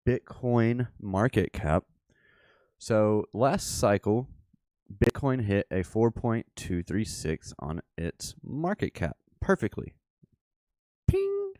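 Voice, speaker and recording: A man with a Memphis Southern accent giving casual live commentary over trading charts, rambling and thinking aloud with excited asides. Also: sits low, clean tone, no echo, studio quality. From Memphis, Tennessee. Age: adult father. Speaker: crypto streamer.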